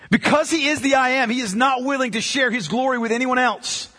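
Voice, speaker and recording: A male pastor delivering a sermon with a high, bright, slightly breathy voice. He is emphatic, slowing deliberately when reading scripture aloud. The sound carries a long reverb from a large church hall.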